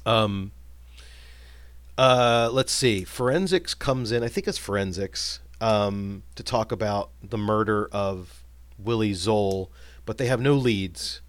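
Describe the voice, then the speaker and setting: A man's voice: on the low side, slow, no echo. A man co-hosting a casual film discussion, recapping scenes and musing aloud, livening up when he quotes lines. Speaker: podcast co-host.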